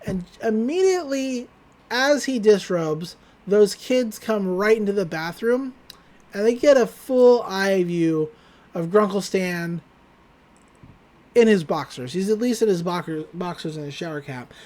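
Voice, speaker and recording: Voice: mid-range voice, animated, a little slow, a little mellow. Chatty podcast host recapping a cartoon. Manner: loose and chatty, with swearing and frequent laughs. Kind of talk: casual cartoon episode recap.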